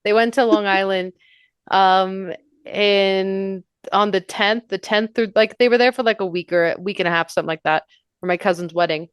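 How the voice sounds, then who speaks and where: A woman's voice: mid-range voice, steady tone, normal speed, clean tone, no echo, studio quality. Foul-mouthed woman co-host with shrieking laughs. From New York. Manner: loud, profane, bursts into shrieking laughter. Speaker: podcast co-host. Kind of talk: casual chat reading history notes.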